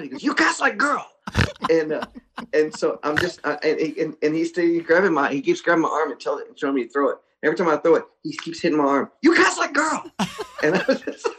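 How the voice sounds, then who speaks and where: A guest musician from Texas tells a long story in casual conversation, animatedly acting out the voices of the people involved. His voice sits at medium pitch, with background noise in the recording.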